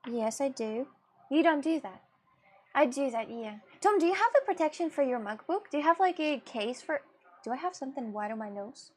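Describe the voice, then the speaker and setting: Giggly high-voiced young woman streamer. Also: animated, normal speed, a little mellow. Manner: giggly, chatty, talks to viewers. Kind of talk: casual livestream chat while drawing.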